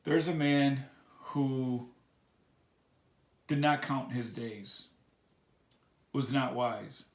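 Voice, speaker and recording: A man preaching a sermon reflection, earnestly urging his listeners, repeating key phrases and slowing down on the words he stresses. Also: mid-range voice, reverberant. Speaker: pastor.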